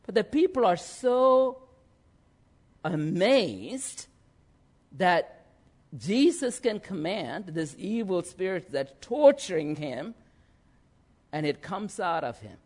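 A man preaching a sermon, slow and lively, often checking in with his listeners. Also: high voice. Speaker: pastor.

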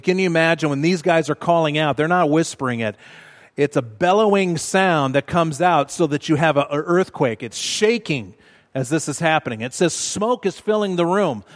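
In a church, a man with a slightly high voice preaches a teaching sermon in a measured, emphatic way, repeating words to stress them. The recording carries the long reverb of a large hall.

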